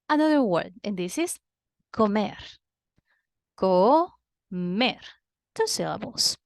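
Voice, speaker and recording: A woman, giving a patient children's lesson and repeating words slowly and clearly. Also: mid-range voice, no echo. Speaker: teacher.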